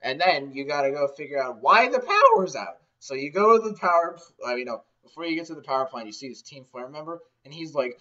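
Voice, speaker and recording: Brief: sarcastic male ranter, rambling recap style, very animated, slightly high voice. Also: fairly quick, few pauses. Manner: rambling, sarcastic, swears a lot. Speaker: game ranter. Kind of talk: comedic game recap rant. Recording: lo-fi dull mic.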